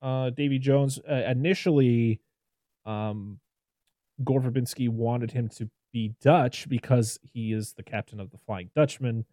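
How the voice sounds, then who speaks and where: A man hosts a relaxed podcast film discussion, talking in loose, rambling runs full of restarts. His voice is warm and mellow. The sound is dry and close. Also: mid-range voice, measured pace, no echo. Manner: rambling and animated, lots of "like" and restarts. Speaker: podcast host reviewing a film. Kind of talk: casual chat.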